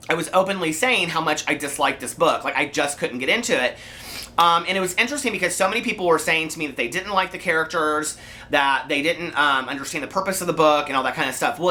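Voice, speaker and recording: Casual vlogger man, slightly breathless, bright chatty delivery, lots of ums. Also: on the high side. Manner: chatty, many fillers and restarts. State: a little out of breath. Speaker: book vlogger. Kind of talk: casual video review. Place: his office.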